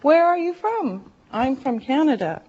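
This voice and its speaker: A woman teaching an English lesson, drilling words and phrases slowly and deliberately, repeating each one. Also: high voice, big pitch swings, highs cut off. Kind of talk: classroom language lesson.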